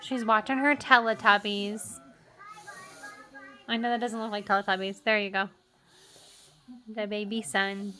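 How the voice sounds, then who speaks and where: Shaken young woman with a bright voice. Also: medium pitch, little pitch movement, a little slow, long pauses. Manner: rambling, with many "like" fillers. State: shaken and jittery. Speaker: vlogger. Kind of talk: casual vlog storytelling.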